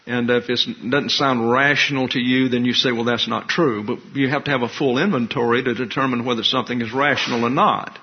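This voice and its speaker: A man's voice: medium pitch, steady tone, brisk, few pauses, slightly rough. A man pastor giving an expository sermon, teaching in a wry, conversational way with asides. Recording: dull lo-fi recording.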